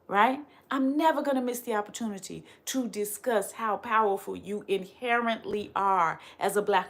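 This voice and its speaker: A woman speaking straight to her audience as a spiritual teacher, emphatic and repetitive, firing off rhetorical questions and dropping softly on her refrains. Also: medium pitch. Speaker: spiritual teacher and channel host. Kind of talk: direct-to-camera motivational talk.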